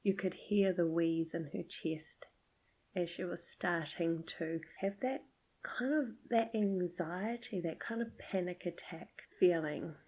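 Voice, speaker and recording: A middle-aged woman hosting a podcast, gently telling a personal story in a soft, often half-whispered voice. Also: fairly low pitch, takes it slowly, breathy edge, poor audio. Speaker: podcast host.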